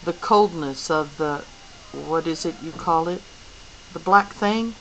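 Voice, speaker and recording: An earnest, honest teenage boy speaks frankly, stumbling and correcting himself now and then, as a woman reading a storybook does his lines. The voice stays fairly low and slow. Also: a little hiss or hum, poor audio. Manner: earnest and slightly halting.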